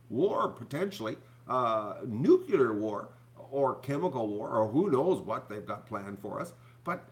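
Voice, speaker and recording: A man's voice: medium pitch, very animated, slow, slight background noise. A man, hosting a casual vlog, rambling to his viewers with lots of fillers and restarts. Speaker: YouTube channel host.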